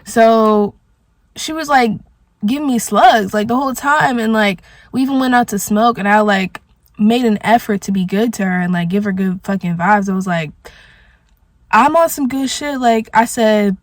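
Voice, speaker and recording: A woman's voice: on the high side, moderate pace, no room sound, studio quality. A young woman telling an emotional, rambling storytime vlog, full of "like". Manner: emotional, rambling, heavy use of filler "like". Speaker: vlogger. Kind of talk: storytime vlog while smoking.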